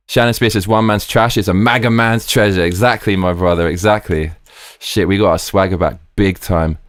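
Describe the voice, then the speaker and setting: A man hosting a live stream, excitedly reading viewer comments aloud and swearing freely. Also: deep voice, dry recording, studio quality.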